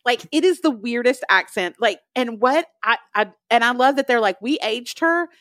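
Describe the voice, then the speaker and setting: A woman in her forties co-hosting a casual pop-culture podcast, talking in an animated, gushing way with quick asides. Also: a little high, dry recording, clean studio sound. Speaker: podcast co-host.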